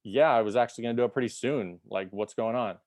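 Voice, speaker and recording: A man's voice: mid-range voice, fast, a little mellow, no room sound, studio quality, natural voice. A man telling of a wary turtle. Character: wary male turtle in a fable.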